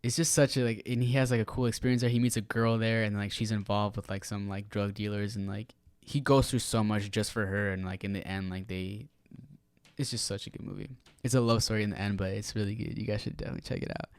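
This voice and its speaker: A man's voice: lowish voice, steady tone, quick pace, clear, resonant tone, dry recording. Chill guy cohost, rambly, lots of "like", dry close sound. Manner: rambling, filler-heavy retelling. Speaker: podcast co-host. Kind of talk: casual chat.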